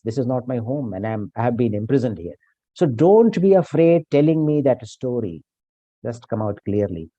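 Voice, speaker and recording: A man giving an academic lecture, reciting Urdu verse and explaining it slowly with pauses and fillers. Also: lowish voice, warm tone, no echo. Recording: dull lo-fi recording.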